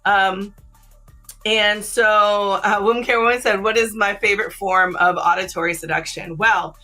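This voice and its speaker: A woman hosting a casual live-stream of sex advice, chatty, with many fillers and "right?" tags, sometimes dropping into a low, slow voice to make a point. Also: fairly even intonation, bright, forceful tone, soft background music. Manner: drops into a low slow voice to demonstrate. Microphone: streaming setup.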